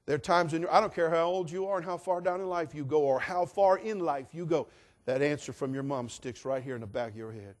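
A pastor preaching a sermon in a folksy, emphatic style, swinging between hushed asides and loud declarations. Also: male voice, a little high, normal speed.

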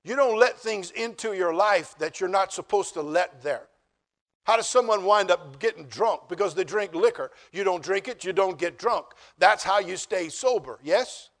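A man preaching a sermon as pastor, moving from quiet, joking asides to loud, emphatic declarations. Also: high-pitched, lively intonation, moderate pace. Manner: humorous, conversational storytelling.

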